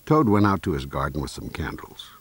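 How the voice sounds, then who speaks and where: A man reading a children's storybook aloud in a slow, clear, expressive way. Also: extremely low pitch.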